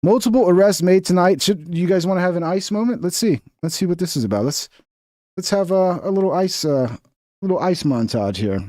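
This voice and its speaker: A man's voice: sits high, lively intonation, a little fast, darkish tone, no echo, clean studio sound. A man streaming casual commentary on clips, blunt, profane and mocking as he rants.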